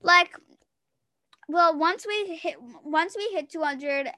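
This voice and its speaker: A young woman hosting a casual podcast chat, excitable and giggly. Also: very high voice, slow. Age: young adult. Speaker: podcast host.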